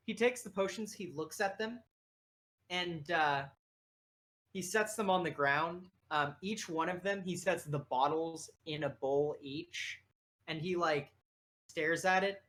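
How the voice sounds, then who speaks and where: A man's voice: fairly high pitch, a bit bright. A man narrating a tabletop game as game master, casual and full of fillers.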